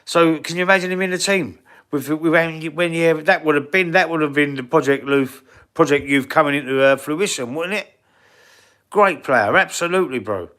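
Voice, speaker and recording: A man's voice: on the high side, normal speed, fairly bright tone. A man with a Cockney accent hosting a casual football live stream, blunt and swearing freely as he answers the chat. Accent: London Cockney. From England.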